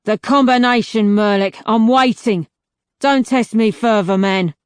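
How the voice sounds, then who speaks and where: A woman voicing a menacing male crime boss who mocks his victim calmly and barks orders, read for an audiobook. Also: mid-range voice, a little slow, no room sound, studio quality, natural voice. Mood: shouting. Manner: calm, mocking, then barking orders.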